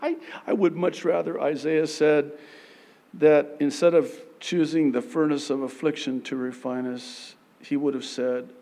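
A man preaches a theatrical, playful sermon, acting out little scenes punctuated by sudden loud bursts and laughter. His voice is a little high, his delivery flat and a little slow.

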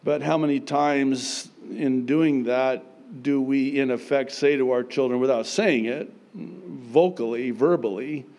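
A middle-aged male pastor preaching a sermon, emphatic and humorous, with sudden loud outbursts. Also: medium pitch, fairly even intonation, a little slow, gravelly, hardly any pauses.

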